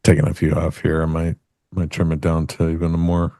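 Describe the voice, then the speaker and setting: A man co-hosting a casual live trading show, teasing the others with deadpan questions. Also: very deep voice, brisk, vocal fry, dry recording, clean studio sound. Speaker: co-host trader.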